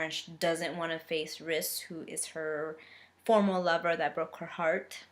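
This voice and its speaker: A woman's voice: fairly low pitch, fairly bright tone. A young woman reading a romance novel aloud, breaking off for sarcastic asides. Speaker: book reader and reviewer. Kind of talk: casual book reading with commentary.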